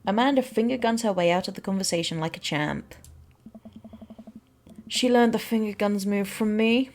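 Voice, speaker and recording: A woman streaming a game, reading a visual novel aloud in an animated way and switching between character voices. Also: medium pitch, normal speed.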